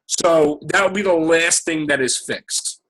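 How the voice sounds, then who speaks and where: Hoarse man hosting a casual podcast. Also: a little high, takes it slowly, fairly bright tone, rough recording. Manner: eager, cuts in to add details. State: hoarse, losing his voice after being sick. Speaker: podcast host. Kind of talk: casual chat.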